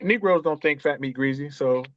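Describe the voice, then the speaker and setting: A man's voice: a little high, normal speed, no echo, muffled recording. A man, a podcast guest telling a personal story in a conversational way and acting out the voices of the people in it. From Atlanta, USA. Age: 50s. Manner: animated storyteller who acts out quoted voices. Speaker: guest, author and chess coach.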